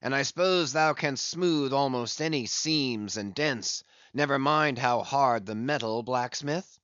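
A man's voice: mid-range voice, unhurried, fairly bright tone, no echo, muffled recording, natural voice. A man reading an audiobook, voicing an obsessed, brooding old sea captain who speaks in passionate, commanding old-fashioned speech. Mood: intense.

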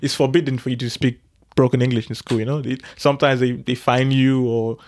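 A man's voice: mid-range voice, steady tone, fairly quick, darkish tone. A young man talks easily in a mid-range voice. He chats loosely as a guest, laughing often and leaning on "you know" as he goes. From Nigeria. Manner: laid-back, laughs often, peppers speech with "you know". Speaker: podcast guest. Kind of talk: casual chat.

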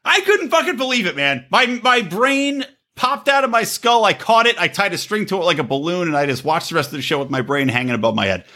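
A man hosting a podcast, chatting casually and profanely, acting out quotes in high squeaky voices. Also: brisk, hardly any pauses. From Los Angeles area. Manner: animated, swearing, acts out quotes in high voices. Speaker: podcast host.

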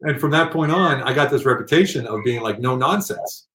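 A middle-aged man telling his story at home in a casual, animated way, often laughing and acting out other people's voices. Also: mid-range voice, a little fast. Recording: echoey room.

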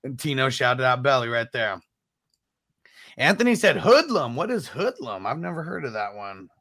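Bright, dry-voiced man talking loosely. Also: mid-range voice, big pitch swings, moderate pace, dry recording. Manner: laid-back, heavy swearing, reads out viewer comments. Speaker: podcast host reading chat comments. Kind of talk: casual chat.

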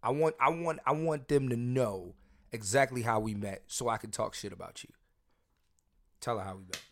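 A man's voice: medium pitch, moderate pace, no room sound, clean studio sound. A man hosting a casual podcast, brash and profane, rambling and restarting his sentences as he tells stories. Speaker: podcast host.

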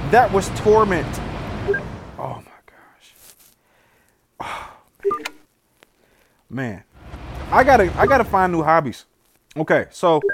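A man's voice: sits high, slight background noise. A man in his thirties giving casual gameplay commentary, often exclaiming and laughing and talking to himself as he plays. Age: 30s. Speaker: gaming video host. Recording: loud game sounds behind voice.

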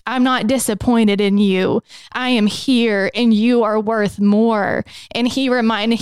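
A young adult woman co-hosting a podcast, telling her own story in an earnest, emotional way, slowing down on the hardest moments. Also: mid-range voice, vocal fry, clear, resonant tone, no room sound. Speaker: podcast co-host. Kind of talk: candid personal testimony.

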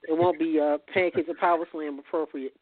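A man's voice: fairly high pitch, fairly even intonation, a little fast, over a noisy crowd. A man as a podcast guest in casual chat, rambling and repeating words as he goes. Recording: tinny phone-like line.

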